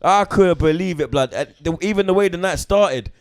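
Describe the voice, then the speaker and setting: Animated man telling stories. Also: high voice, moderate pace. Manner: animated, swearing, slang-heavy storytelling. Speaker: podcast host. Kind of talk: casual banter and storytelling.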